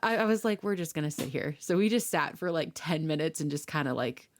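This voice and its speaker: Young woman, podcast co-host, lowish voice, casual chat, laughs a lot, acts out dialogue. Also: animated, fairly quick, slight background noise.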